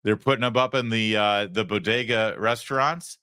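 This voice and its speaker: Male talk host, punchy sarcastic monologue, bright forceful voice. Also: lowish voice, normal speed, clean tone. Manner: sarcastic, emphatic, plays clips and breaks them down. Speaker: political talk show host. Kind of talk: opinion monologue.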